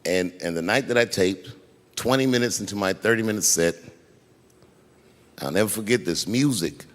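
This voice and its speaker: A man telling a profane, animated story in stand-up, acting out scenes. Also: lowish voice, normal speed. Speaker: stand-up comedian. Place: comedy stage. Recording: echoey live venue.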